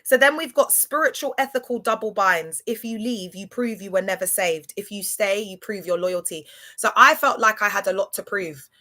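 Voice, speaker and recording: Bright-voiced woman chatting on a livestream. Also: medium pitch, normal speed. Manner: animated, slangy, asks "do you get what I'm saying". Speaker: livestream host. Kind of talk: casual live-stream talk.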